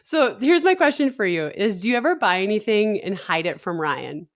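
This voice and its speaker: A woman's voice: mid-range voice, lively intonation, normal speed. A woman in her thirties co-hosting a podcast, telling stories in casual chat and laughing often. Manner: chatty storyteller, laughs often. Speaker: podcast co-host.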